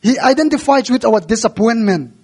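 High-pitched man preaching a sermon. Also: lively intonation, brisk. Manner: earnest preaching, rising loud when quoting scripture. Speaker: pastor.

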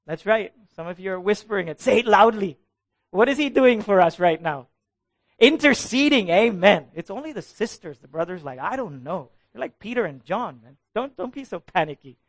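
Male pastor, sermon, animated, questions the congregation, dry close sound. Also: high-pitched, normal speed, no room sound. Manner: animated, asks the congregation questions and calls for answers.

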